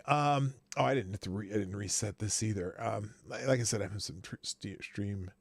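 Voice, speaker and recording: A man's voice: on the low side, gravelly, breathy edge, dry recording. A middle-aged man hosting a livestream show, chatting casually in a rambling, loose way with offhand swearing. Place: small home streaming studio.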